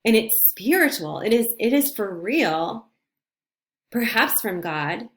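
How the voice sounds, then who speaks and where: A woman's voice: a little high, lively intonation, takes it slowly, a bit bright. A woman teacher giving a recorded video lesson on reading difficult texts, talking in a conversational, encouraging way and often restarting her phrases.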